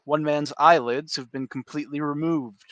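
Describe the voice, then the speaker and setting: A man's voice: fairly high pitch, steady tone, normal speed, a bit bright, no echo. A man narrating as game master of a tabletop game, descriptive and laughing often.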